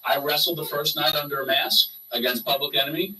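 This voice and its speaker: A man's voice: a little high, fairly quick, recorded from a distance, a loud crowd, low-quality recording. A man telling stories in casual talk on a stream, acting out the voices of the people in them. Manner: animated, acts out quoted voices. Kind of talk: casual storytelling.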